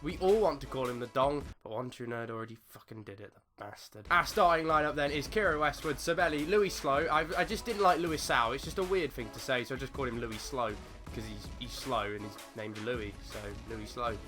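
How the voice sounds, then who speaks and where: A man gives loose, joking commentary over his game and swears freely along the way. His voice is bright and forceful and sits at an ordinary middle pitch. Faint music plays behind him. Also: a little fast. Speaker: gaming channel host. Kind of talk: casual let's-play commentary.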